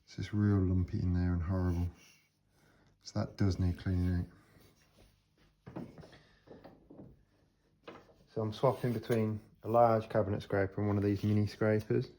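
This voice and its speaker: A man's voice: on the low side, normal speed, pauses often. A man talking casually as he restores old hand planes, explaining each step while he works in his workshop. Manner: relaxed, explains while working with hand tools. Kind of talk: casual workshop talk to camera. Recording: workshop with clear scraping and rasping noise behind.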